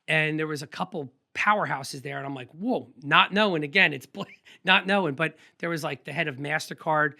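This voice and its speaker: A man being interviewed about his photography work, telling quick, energetic anecdotes in a casual, rambling way. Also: on the high side, vocal fry. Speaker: guest photographer.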